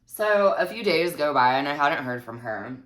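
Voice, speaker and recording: A woman's voice: low-pitched, expressive, normal speed, a bit bright. A woman telling a storytime vlog in a snarky, heavily profane way. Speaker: vlogger.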